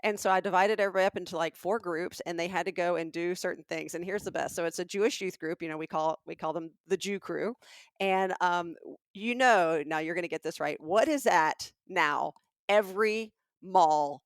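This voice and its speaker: Southern lady podcast host, gravelly edge, dry close sound, spins a lively tale. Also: lowish voice, normal speed, no echo. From American South. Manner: animated storyteller, acts out quoted voices. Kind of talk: casual storytelling chat.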